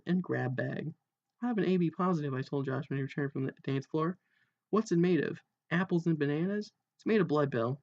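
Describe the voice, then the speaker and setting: A man reads a parody novel aloud in a dry, amused way, stopping for asides. His voice sits a little high. The recording is dull and lo-fi. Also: a little mellow. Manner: dry, amused, breaks into laughter at jokes. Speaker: reader.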